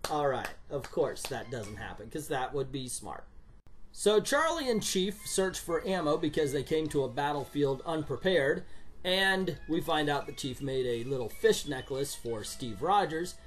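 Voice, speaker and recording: A man's voice: fairly high pitch, sing-song, unhurried, soft background music. A man giving a sarcastic, exasperated comic book review, swearing now and then.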